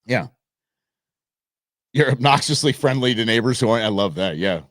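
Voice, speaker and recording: A mid-range male voice at a moderate pace, recorded in studio quality with no echo. He grew up in Southern California and Arizona and is hosting a live stream, casually telling an animated, meandering neighborhood story loaded with folksy sayings.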